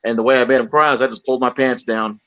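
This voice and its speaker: A man's voice: mid-range voice, fairly even intonation, very fast, clean tone, dull audio. A young man telling crude jokes on a live stream, acting out the people in them. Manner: crude joke teller, acts out characters.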